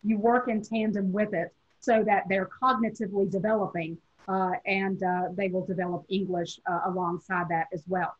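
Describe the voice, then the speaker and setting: A woman from Tennessee with a Southern accent, lecturing teachers in a webinar in a measured, explanatory way with a slightly husky voice. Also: mid-range voice, steady tone. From Tennessee, USA. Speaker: teacher educator. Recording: dull lo-fi webinar audio.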